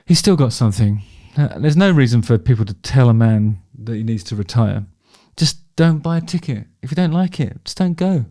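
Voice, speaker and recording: A man's voice: mid-range voice, animated, moderate pace, hardly any pauses, dark tone. A man giving casual, opinionated commentary while reacting to concert footage, swearing freely and restarting his sentences. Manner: chatty, swears freely, frequent restarts, laughs along.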